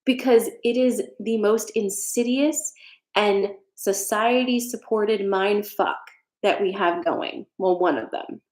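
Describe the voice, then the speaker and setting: A woman's voice: mid-range voice, slow pace, darkish tone, roomy sound. A woman doing a casual tarot reading on a live stream, earnest and reassuring, with some frank swearing. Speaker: tarot reader.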